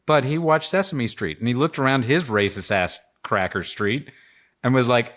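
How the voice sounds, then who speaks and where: A man's voice: mid-range voice, moderate pace, fairly bright tone. A man co-hosting a casual political podcast, opinionated and lecturing, swearing freely. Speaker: podcast co-host.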